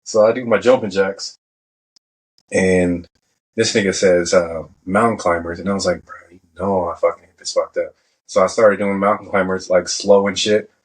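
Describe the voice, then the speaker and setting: A Navy veteran guest tells stories in a casual, profane, animated way, acting out the people he quotes. His voice is fairly low, and the recording is rough.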